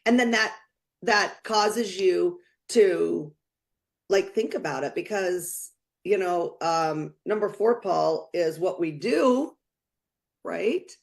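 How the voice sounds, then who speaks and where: A woman's voice: lowish voice, slow, vocal fry. A woman co-hosting a motivational podcast, speaking earnestly and from the heart, with many fillers. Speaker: podcast co-host. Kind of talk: casual motivational chat.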